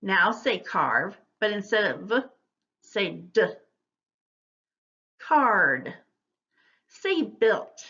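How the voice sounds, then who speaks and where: A woman teacher giving a recorded phonics lesson, modeling words and sounds slowly and deliberately for her students. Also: mid-range voice, sing-song, sharp tone, highs cut off.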